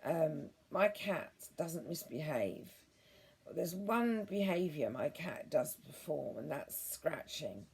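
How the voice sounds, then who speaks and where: A woman vlogging in an unhurried, low voice that is deeply husky and breathy. She rambles earnestly and gently, with a gravelly rasp running through her words. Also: sing-song. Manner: gentle, earnest, meandering with many restarts. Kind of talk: rambling monologue to viewers.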